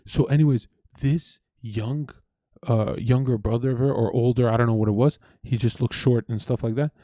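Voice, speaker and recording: A young man from Canada telling a story in casual chat, animated and profane, acting out what others said. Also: mid-range voice, moderate pace, no echo. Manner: animated, profane, acts out quoted voices. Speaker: streamer host.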